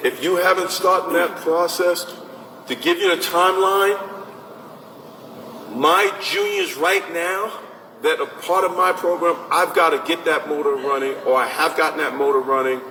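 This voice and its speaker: Animated man talking in an echoey hall. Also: a little high, normal speed. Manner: animated and conversational, acts out parents and coaches. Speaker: basketball recruiting advisor speaking to parents. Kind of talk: informal talk to an audience with questions. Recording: echoey hall from far off, faint noise.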